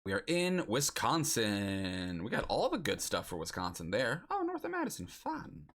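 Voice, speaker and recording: Young adult man, game-stream host; relaxed musing chat with lots of pitch movement. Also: moderate pace. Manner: thinks aloud, musing and chatty. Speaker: streamer playing a geography guessing game.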